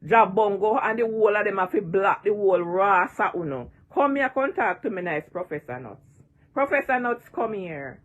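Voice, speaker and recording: A woman's voice: medium pitch, animated, moderate pace, dull audio. A woman in her sixties with a Jamaican accent, ranting and taunting in a vlog, repeating her jeers and cursing freely. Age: 60s. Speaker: online personality.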